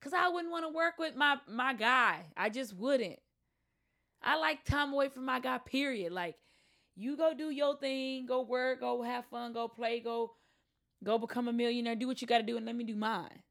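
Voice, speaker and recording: A woman's voice: on the high side, normal speed, a bit bright. A woman co-hosting a casual chat, bubbly and talkative, laughing often.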